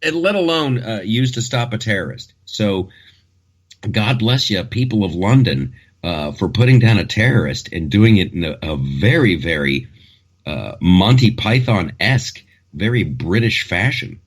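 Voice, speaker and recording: A man's voice: on the low side, animated, unhurried, breathy edge. A man hosting a casual comedic talk show, rambling and joking with frequent restarts.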